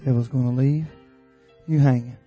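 A man preaching a sermon at a youth camp in an impassioned way, building from quiet appeals to shouted cries. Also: medium pitch, fairly even intonation, normal speed, soft background music.

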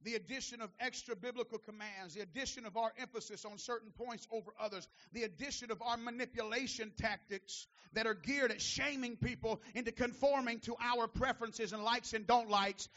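A male pastor with a strikingly high voice delivers an impassioned sermon, swinging from steady teaching to loud fervent calls and back to quiet asides. He leans on repetition for emphasis. The recording is dull and lo-fi. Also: fairly quick, few pauses. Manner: impassioned preaching, rising to shouts and dropping to quiet asides; repeats phrases for emphasis.

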